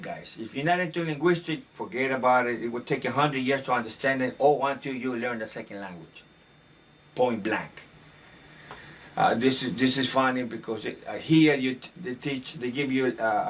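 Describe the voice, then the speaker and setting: Far from the microphone, a man with a fairly bright, mid-range voice holds forth on the news, stating strong opinions, drifting off topic, and restarting sentences with fillers. Faint room ambience surrounds his casual talk.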